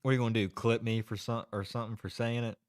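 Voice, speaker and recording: A man's voice: mid-range voice, flat delivery, quick pace, clean tone, dry recording, clean studio sound. A man hosting a casual livestream, chatty and giggly, stalling and restarting between laughs. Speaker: livestream host.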